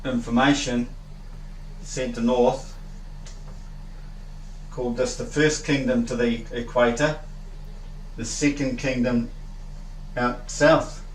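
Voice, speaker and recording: Man, earnest slow explainer, echoey distant recording. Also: medium pitch, fairly even intonation, a little hiss or hum.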